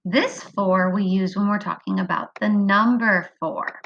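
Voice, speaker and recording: A woman teaching a phonics lesson to young children, slow and sing-song, drawing words out. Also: medium pitch, creaky, fairly bright tone, muffled recording. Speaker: kindergarten teacher.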